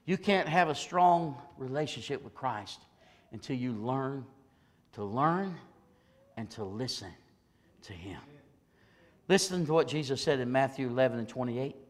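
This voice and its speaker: An older man preaching a Pentecostal sermon in a church service, swinging from hollered peaks to low, confiding asides. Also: expressive, a little slow, long pauses, big-room sound. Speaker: pastor.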